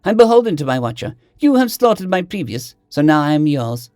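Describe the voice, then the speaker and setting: An earnest alien servant, voiced by a man, speaks in stiff, formal, clipped sentences. The voice sits higher than a plain male voice and moves lively up and down. It is recorded close and dry, in an audiobook narration. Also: a little fast, no echo, faint music behind.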